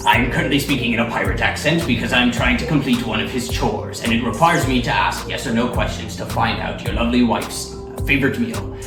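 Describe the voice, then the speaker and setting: A man's voice: medium pitch, recorded from a distance, natural voice. A man doing a pirate accent as a game show contestant, repeating back every yes or no answer in stilted talk. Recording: roomy studio sound, mic from afar, music behind.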